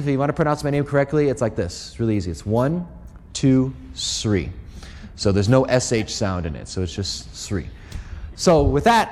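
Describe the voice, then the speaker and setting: A middle-aged American man speaks to a live audience at a Catholic gathering, with a mid-range voice. He is a lively storyteller who slips into the voices of the people in his stories. His words trail off into the long reverb of a large hall. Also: mid-range voice. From United States.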